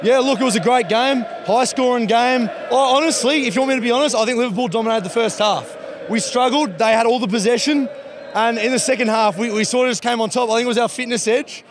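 An excited Australian man giving his thoughts on a match outdoors in a rambling way. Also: very high-pitched, quick pace, crowd noise, background noise. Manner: excited, rambling, thinks aloud. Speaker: football fan interviewee. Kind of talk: street vox pop. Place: outdoors by a stadium.

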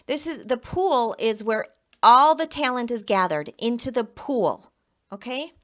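A woman's voice: a little high, lively intonation, a little slow. A woman giving a casual tarot reading to the camera, emphatic and repeating herself, with a frequent "okay?". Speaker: tarot reader.

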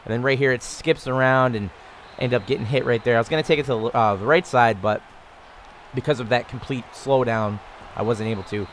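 A man in his twenties casually commentating on his own football video game, getting louder and higher on big plays. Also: brisk, a little hiss or hum. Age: 20s. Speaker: gaming YouTuber.

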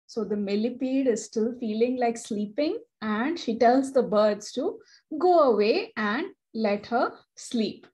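A woman with an Indian English accent reading a story aloud to children and explaining the pictures gently. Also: on the high side, expressive, slow pace, low-quality recording.

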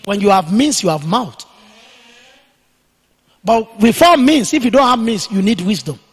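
A man preaching a sermon as pastor, emphatic and at times dictating his points slowly for notes. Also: sits high, big pitch swings, breathy edge, big-room sound. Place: church hall.

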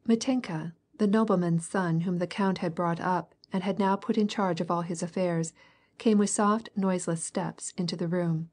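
Husky woman narrating an audiobook. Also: fairly low pitch. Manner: measured, even reading. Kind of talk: scripted narration.

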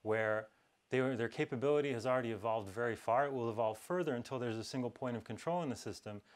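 Male speaker, lowish voice, conversational conference talk, dry wit, lots of "uh" and self-corrections. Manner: wry, dry humor with frequent fillers and restarts. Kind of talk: presentation talk with slides.

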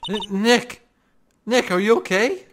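A man putting on an excitable teasing young woman. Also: sits high, slow pace, background noise, voice pushed up, exaggerated voice.

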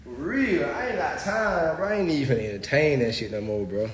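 A man's voice: fairly high pitch, animated, moderate pace, slight background noise. Profane, emphatic man ranting on a livestream. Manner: profane, emphatic, keeps saying bro. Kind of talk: casual livestream rant.

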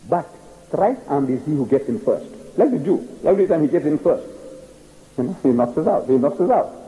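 Male religious lecturer, dark warm tone, lively delivery, echoey hall recording. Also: fairly high pitch. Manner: animated storyteller, acts out dialogue. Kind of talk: public lecture with storytelling.

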